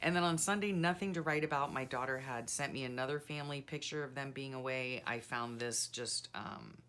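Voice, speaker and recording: A woman's voice: rumbling low, fairly quick, a bit bright, a little hiss or hum. A middle-aged woman chatting casually as she flips through her journal, giggly and full of ums and exclamations. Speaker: journaling channel host. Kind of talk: casual chat while flipping through a journal.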